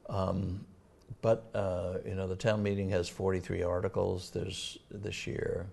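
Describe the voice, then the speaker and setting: Older Massachusetts man, very low and flat, husky and gravelly; halting town official on local TV. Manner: halting, many fillers and restarts. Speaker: town administrator. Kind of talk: casual local TV interview.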